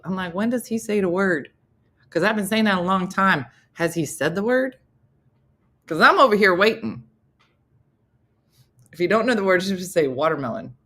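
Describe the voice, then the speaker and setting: Chatty, animated woman telling comic stories. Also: mid-range voice, normal speed, pauses often. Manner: chatty storyteller who acts out quotes in sing-song voices. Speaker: comedian and morning show host. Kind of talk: casual comedic chat.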